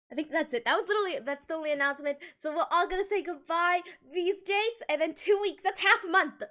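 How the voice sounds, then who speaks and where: This Colombian livestreamer has a high, somewhat bright voice and keeps giggling as she chats with viewers. She talks animatedly with her hands close to a desk microphone, laughing often between sentences.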